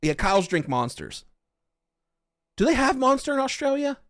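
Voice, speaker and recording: Excitable, foul-mouthed man from Pennsylvania. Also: extremely high pitch, moderate pace, no room sound, studio quality. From Western Pennsylvania, USA. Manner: profane, excitable rants. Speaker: podcast host. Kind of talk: casual chat with live chat.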